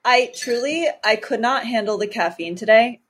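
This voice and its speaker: A woman's voice: a little high, normal speed, a bit bright, husky. Giggly woman co-host from Hawaii. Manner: giggly, exclaims often, candid. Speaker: podcast co-host. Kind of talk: casual chat.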